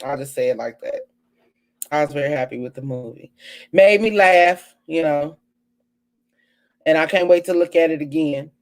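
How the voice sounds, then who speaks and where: A woman's voice: sits low, moderate pace, long pauses. A woman hosting her own live online show, chatting casually and animatedly with viewers, full of exclamations and asides. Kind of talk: casual live-stream chat.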